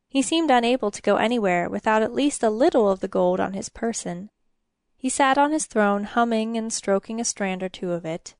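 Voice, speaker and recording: A woman reading a fairy tale aloud in a slow, measured, expressive way. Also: medium pitch, smooth, no room sound, studio quality. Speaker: narrator. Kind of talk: storybook narration.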